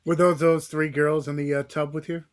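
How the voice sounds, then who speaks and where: A man's voice: on the high side, flat delivery, normal speed, clean tone. A man hosting a podcast, asking casual questions in a joking, teasing way. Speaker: podcast host.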